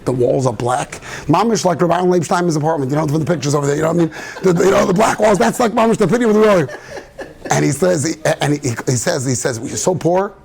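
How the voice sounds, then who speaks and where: A man's voice: fairly high pitch, expressive, quick pace, creaky, a little mellow. A man, a rabbi giving an informal Torah talk in a synagogue study hall, telling stories and mixing in Yiddish and Hebrew terms.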